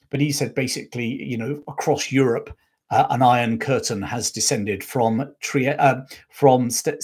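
A man's voice: medium pitch, slightly rough. A man hosting a live history show, telling stories in a rambling way, often correcting himself. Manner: rambling, self-correcting storyteller with many fillers. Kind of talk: live-stream history talk.

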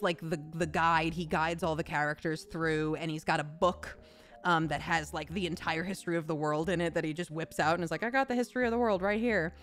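A woman voice actor chatting casually and animatedly, acting out little quotes and swearing freely. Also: fairly low pitch. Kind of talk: casual chat.

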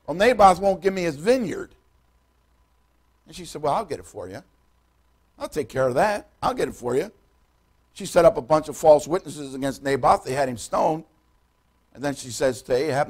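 An older male pastor delivers a sermon with a slightly higher-than-usual voice. He retells scripture with dramatic, voiced swings from loud to hushed and speaks to his congregation in a folksy, direct way. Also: animated, moderate pace. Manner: dramatic retelling, voicing Bible characters with sudden loud and soft swings. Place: church sanctuary.

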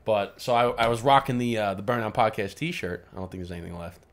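A man co-hosting a casual podcast, telling stories and jumping into loud voices when he quotes people. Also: on the low side, quick pace. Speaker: podcast co-host. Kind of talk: casual chat.

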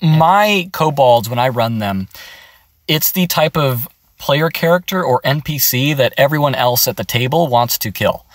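A man's voice: mid-range voice, expressive, unhurried, no echo. A man giving a casual, upbeat voice acting tutorial, explaining step by step from his car.

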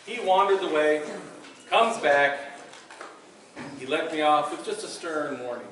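A man tells a comic story to a live audience, animated and full of playful asides. His pitch rides slightly high and swings widely. He is caught from far off in a strongly echoing hall, with clear noise beneath. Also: measured pace. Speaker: storyteller at a performance competition. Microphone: distant recorder. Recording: echoey hall, far from mic, noisy.

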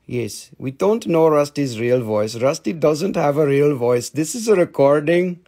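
Middle-aged male host of a live rock sale; gravelly, slightly high, loose and joking. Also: expressive, unhurried, few pauses, mellow. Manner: rambling, jokey, showing pieces up close. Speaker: host of a live crystal shop stream. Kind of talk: joking live sales chat.

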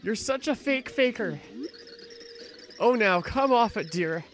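A man's voice: high voice, expressive, slow pace, a bit bright, heavily acted. A man reading aloud the rhyming lines of a haughty female fortune-teller from a game, in a sing-song way. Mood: bickering.

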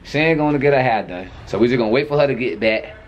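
A man's voice: medium pitch, lively intonation, fast, lo-fi sound, slight background noise. A man vlogging to camera, venting in a profane, exasperated rant.

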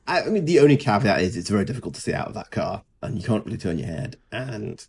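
A man's voice: lowish voice, big pitch swings, fast talker, gravelly, a little mellow, a little hiss or hum. A man, co-hosting a podcast in casual, sarcastic chat. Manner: dry, sarcastic, mocking impressions. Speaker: podcast co-host.

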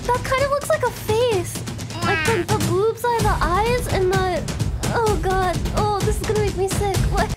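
A woman streamer reacting casually, animated, shrieking and laughing and swearing freely. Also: very high voice, normal speed, loud music behind the voice.

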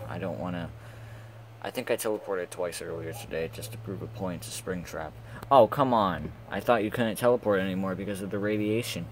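A man's voice: sits low, background noise. A man improvising a plush toy skit, voicing the characters himself in a hesitant voice full of ums. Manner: hesitant, filler-heavy, jumps between character voices. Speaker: plush video creator voicing all characters.

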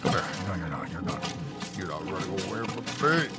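A young man giving casual gameplay commentary, excitable and profane, laughing and exclaiming often. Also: low voice, fairly quick. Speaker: gaming channel host. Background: game music.

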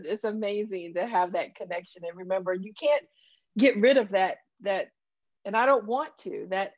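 A woman's voice: mid-range voice, moderate pace, dry recording, muffled recording. A woman with a Southern accent, a guest telling personal stories in an earnest, heartfelt way. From Southern US countryside. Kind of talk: conversational interview.

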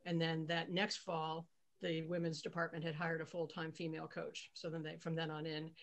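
A woman in her sixties, a former athlete, recounting memories on a video call in a measured way with frequent restarts. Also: deep voice, monotone. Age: 60s.

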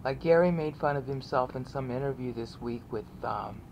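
Low-voiced woman rambling through a screen share. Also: moderate pace, vocal fry, darkish tone, slight background noise. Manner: rambling, repeats words, frequent "okay?" check-ins. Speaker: channel host walking through online resources. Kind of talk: casual screen-share walkthrough.

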